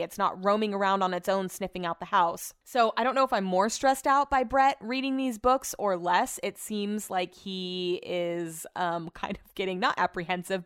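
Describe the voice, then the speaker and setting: A young woman telling stories in a casual vlog, chatty and animated, swearing casually and acting out quotes. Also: mid-range voice, clear, resonant tone, dry recording, clean studio sound. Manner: chatty, animated retelling of arguments, acts out quotes. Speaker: vlogger. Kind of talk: casual storytelling monologue.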